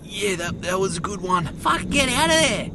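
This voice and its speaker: A man gives loud, excitable, profane running commentary, calling everyone mate. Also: high-pitched, normal speed, noisy background. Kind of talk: swearing running commentary in a played clip.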